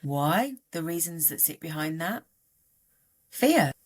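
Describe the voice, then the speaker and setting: Casting: middle-aged woman, low voice, lively delivery, open podcast guest. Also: takes it slowly, slightly rough. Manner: animated, voice jumping up and down in pitch. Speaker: guest coach. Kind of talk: candid podcast conversation.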